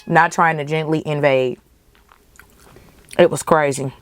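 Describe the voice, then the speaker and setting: Podcast host, young woman, low voice, passionate casual movie reaction. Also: measured pace, clear, resonant tone. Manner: animated, emotional, profane, slangy.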